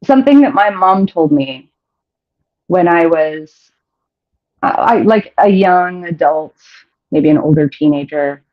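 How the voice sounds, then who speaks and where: A sex advice show host, mid-range and lively in intonation but a little slow with long pauses, tells a candid story in a casual chat. Laughter often interrupts sentences and phrases get restarted, all in dull, muffled audio.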